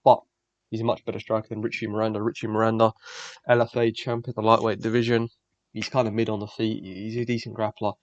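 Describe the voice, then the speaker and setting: A man's voice: on the low side, little pitch movement, fast talker, no room sound. A young man, the host, giving blunt, profane, rambling fight predictions in casual solo commentary. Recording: dull lo-fi dry recording.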